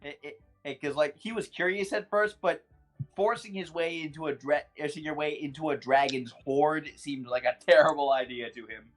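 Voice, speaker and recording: A man's voice: a little high, normal speed, faint music behind. A man playing in a tabletop game, rambling with lots of "like" as he explains his character. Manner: rambling, filler-heavy. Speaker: player.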